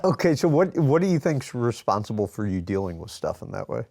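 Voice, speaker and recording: A man's voice: mid-range voice, very animated, brisk, creaky, darkish tone. A man interviewing a guest, asking brief and direct questions.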